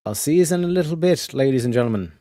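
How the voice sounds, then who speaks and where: A man streaming live, chatting casually to his viewers in slangy, relaxed speech. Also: a little high, fast talker, no room sound, clean studio sound.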